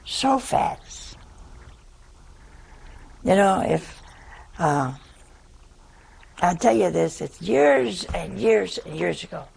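A woman's voice: lowish voice, lively intonation, slow pace, creaky, pauses often, a little mellow, husky, poor audio. An older woman, a nun, telling a funny personal story to an audience in a folksy, self-mocking way. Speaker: nun, head of a religious community.

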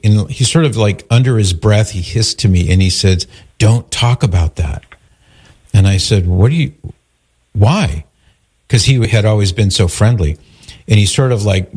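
Low-voiced male radio host telling a story. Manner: storytelling, animated when quoting others. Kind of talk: call-in radio conversation.

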